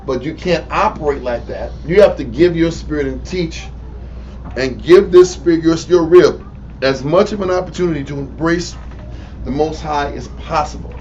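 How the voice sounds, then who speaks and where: A man with a Texas accent, teaching the Bible informally in an animated, profane way and mimicking people. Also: fairly high pitch, normal speed. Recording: lo-fi room recording from a distance with faint noise.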